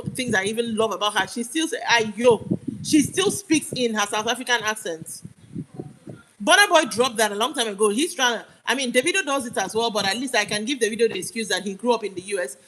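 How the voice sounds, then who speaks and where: A woman's voice: fairly high pitch, fairly bright tone, a little hiss or hum, low-quality recording. A young Nigerian woman with a Nigerian accent, ranting on a live stream in an emphatic, argumentative way and hammering her points home. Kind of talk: heated live-stream rant.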